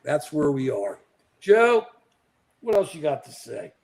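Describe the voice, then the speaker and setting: A man's voice: a little high, big pitch swings, unhurried, a little mellow. A man co-hosting a live political chat show, talking animatedly and calling out viewers by name. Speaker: co-host. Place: at home in New York.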